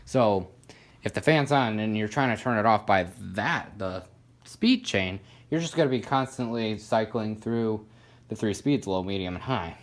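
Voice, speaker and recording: Narrating a laid-back hobby video, a man shows one of the ceiling fans he collects, wandering off topic with lots of fillers and jokes at his own expense. He speaks in a lowish voice at a measured pace.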